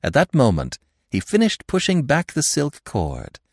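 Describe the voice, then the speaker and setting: Brief: male narrator reading classic fiction, expressive and very animated in pitch, close and dry. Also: no echo. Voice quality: expressive, measured storytelling. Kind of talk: scripted narration of a classic tale.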